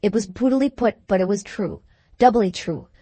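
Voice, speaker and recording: A woman reads a Victorian novel aloud in a measured, even way. Her voice sits at a middle pitch, and the recording is dry and close. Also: dry recording. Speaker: audiobook narrator. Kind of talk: scripted narration of a Victorian novel.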